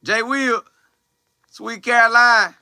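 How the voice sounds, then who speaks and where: A man's voice: very high-pitched, fairly even intonation, takes it slowly, bright, forceful tone, clear, resonant tone, no room sound. A young man who plays college football, livestreaming and answering viewer comments in a loose, slangy, chatty way with frequent exclamations. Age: young adult. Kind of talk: casual live chat, reading viewer comments aloud.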